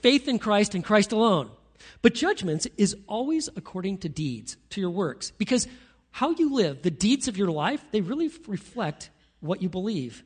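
A man preaching with a high, lively voice that climbs and drops all through his sermon. His tone is husky, and he moves from forceful emphasis to hushed asides. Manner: animated preaching, swings between loud emphasis and quiet asides. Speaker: pastor.

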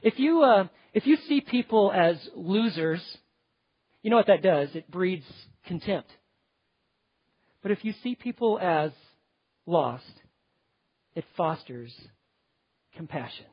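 A man's voice: high voice, animated, takes it slowly, pauses often, breathy edge, no room sound, muffled recording. A man preaching a sermon in an earnest, emphatic way, often building lists of words one after another.

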